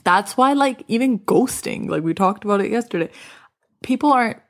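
A woman's voice: mid-range voice, moderate pace. A young woman podcast host in casual reflective talk, speaking candidly and filling her sentences with "like" as she tells stories. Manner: candid, animated storytelling with frequent "like" fillers.

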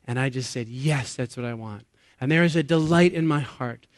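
This late-thirties pastor preaches at a medium pitch and moderate pace, with no room sound. Before a live audience in a church or meeting hall, he keeps things earnest and conversational, poking fun at himself and putting questions to those listening.

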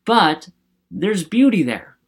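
A man's voice: high-pitched, very animated, takes it slowly, husky. A man hosting a motivational podcast, enthusiastic and chatty, with rambling asides and jokes at his own expense. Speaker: podcast host. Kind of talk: upbeat motivational podcast talk.

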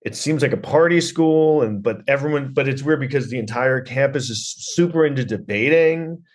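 A man's voice: mid-range voice, normal speed. A man hosting a podcast, rambling sarcastically through a comedic movie review. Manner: rambling, sarcastic, lots of restarts and "like". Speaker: podcast host.

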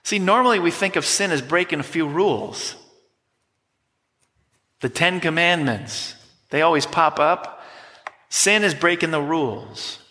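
A man's voice: a little high, a little slow, pauses often, sharp tone. A man preaching a sermon as pastor, emphatic and teaching, leading the congregation in repeating words. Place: church sanctuary. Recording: long hall reverb.

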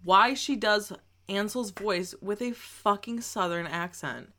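A woman's voice: mid-range voice, slow, sharp tone. A young woman co-hosting a podcast, chatting casually with a wry, blunt manner and swearing freely. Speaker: podcast co-host. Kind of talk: casual book chat.

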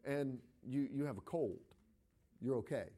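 A middle-aged man, a pastor, preaching a sermon in a conversational, animated way, often restarting his phrases as he tells a story. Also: medium pitch, unhurried. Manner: conversational preaching with frequent repeated starts; animated storytelling, breaking into quoted voices.

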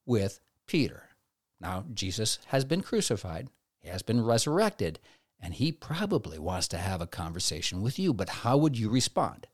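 A man's voice: medium pitch, no echo, clean studio sound. A man giving a conversational devotional talk, now and then acting out quoted inner voices. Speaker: preacher.

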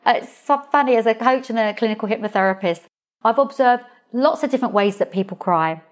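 A woman hosting her own podcast as a coach, talking straight to listeners with expressive, playful storytelling. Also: fairly high pitch, fairly quick. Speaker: podcast host, coach and hypnotherapist. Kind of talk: solo podcast monologue.

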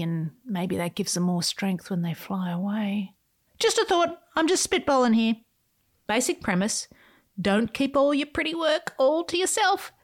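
A woman hosting her own podcast, reading a playful, whimsical script with sudden swoops in pitch. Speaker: podcast host.

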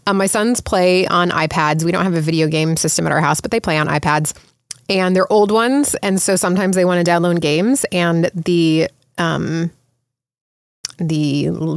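A woman's voice: lowish voice, no room sound, clean studio sound. A woman in her thirties, a podcast host telling a family story in a casual, chatty way with many fillers.

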